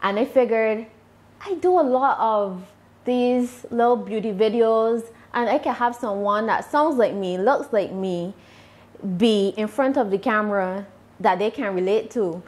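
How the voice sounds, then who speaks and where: Barbadian woman, deliberate speech. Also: fairly high pitch, darkish tone. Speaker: YouTuber guest. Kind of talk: casual interview answers.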